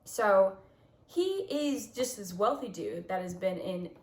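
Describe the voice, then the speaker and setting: A woman's voice: mid-range voice, lively intonation, slow pace, a little mellow. A young woman hosting a casual, tipsy home-made history retelling, rambling and often losing her place with lots of fillers. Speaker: host. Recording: echoey room.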